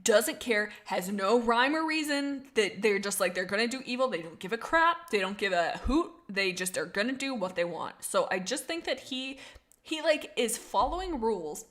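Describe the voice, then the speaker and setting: A woman's voice: a little high, lively intonation, normal speed, a bit bright. A young woman streaming casually, bubbly and giggly, rambling as she reads out viewer comments. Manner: bubbly, giggly and rambling, with many restarts and laughs. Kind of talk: casual livestream chat, reading out viewer comments.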